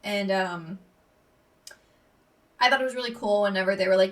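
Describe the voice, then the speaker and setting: A woman's voice: mid-range voice, moderate pace, long pauses, far from the mic. A young woman, hosting a casual solo podcast in a bubbly, gushing way, full of fillers. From Texas. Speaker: podcast host.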